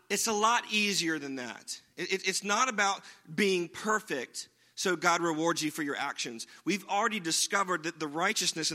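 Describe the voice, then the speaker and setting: A man's voice: fairly high pitch, sharp tone. A man preaching a sermon in a conversational way, often checking in with his listeners by asking "right?". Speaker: pastor.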